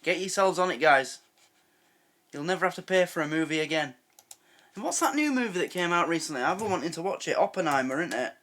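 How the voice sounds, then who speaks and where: A man's voice: a little high, expressive, fast, a bit bright. A man giving casual, chatty reaction commentary on a sitcom, laughing often and restarting his sentences. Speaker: reaction video host.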